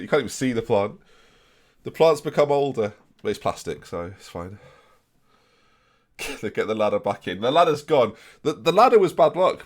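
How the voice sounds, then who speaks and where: A young man giving jokey, excitable live commentary on his game and talking to his viewers. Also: fairly high pitch. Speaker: gaming streamer.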